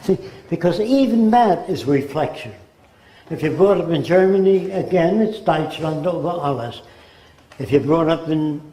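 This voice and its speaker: An older man gives a rambling lecture and slips into accents to make his points. His voice sits fairly high with a soft, mellow tone, and the room echoes. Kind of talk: informal lecture.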